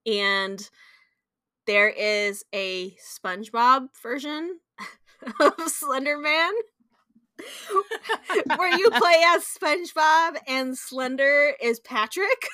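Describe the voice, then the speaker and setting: A young woman co-hosting a podcast chats casually, telling stories animatedly with playful sound effects and laughter. Her voice is high and sharp in tone, and she speaks extremely slowly. The studio-quality recording has no room sound.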